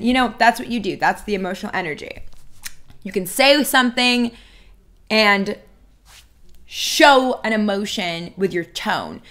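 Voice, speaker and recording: A woman's voice: medium pitch, expressive, unhurried, pushed and bright. A woman hosting a dating advice video, speaking bluntly and emphatically and repeating her key points. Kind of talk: direct-to-camera advice talk.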